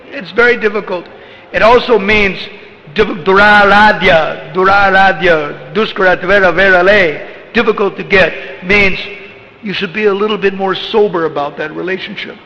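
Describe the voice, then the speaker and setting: Bright-voiced man giving a rambling talk. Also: high voice, normal speed. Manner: rambling, conversational, chuckling, many "you know"s. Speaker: spiritual teacher. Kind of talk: informal religious talk. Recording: echoey hall, dull lo-fi with faint noise.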